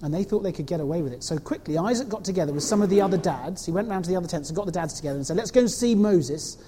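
A woman telling a story to children in an animated way, asking them questions as she goes. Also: on the low side, racing, long reverb tail, a little hiss or hum. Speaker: children's talk leader.

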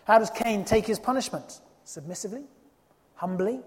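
Speaking at normal speed, this preacher delivers a forceful sermon in a mid-pitched voice, with long hall reverb trailing each line. Rhetorical questions carry much of the weight in his expressive delivery.

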